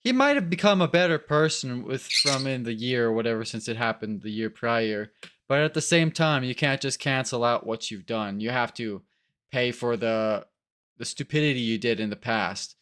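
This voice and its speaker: A man chatting casually in a reaction video, rambling and animated, often acting out other people's voices. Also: mid-range voice, moderate pace. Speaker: co-host.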